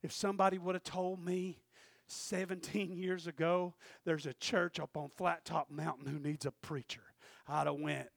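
A man preaching a sermon as pastor, swinging from quiet storytelling to fervent shouting. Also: fairly high pitch, level tone, normal speed, creaky, dry recording, clean studio sound.

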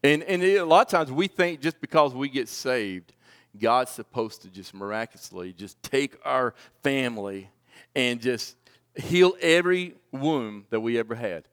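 A man in his forties preaching a personal testimony, swinging from loud pleading to hushed, low confession. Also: unhurried, clear, resonant tone. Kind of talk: sermon testimony.

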